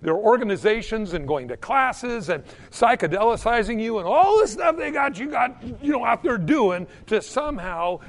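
Male preacher, high and very animated delivery, emphatic sermon in a reverberant sanctuary. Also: moderate pace, few pauses. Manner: emphatic, swinging between loud peaks and hushed drops.

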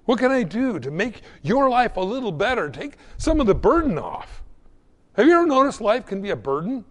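A man's voice: sits high, very animated, fairly quick. A man preaching a conversational sermon, acting out little everyday exchanges between people. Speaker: pastor.

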